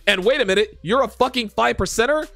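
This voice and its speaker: A man's voice: extremely high pitch, fast, vocal fry, a bit bright, no room sound. A man hosting a dating commentary show, ranting in exasperation at viewer comments with profane sarcasm.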